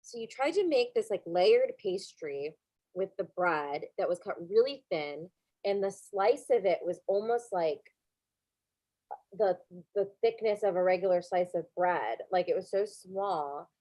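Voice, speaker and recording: Woman podcast co-host, casual rambling recap delivery, medium pitch, dry booth sound. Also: animated, measured pace, dark tone, no room sound. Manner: rambling, self-correcting, lots of fillers. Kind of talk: casual chat recapping a cooking show.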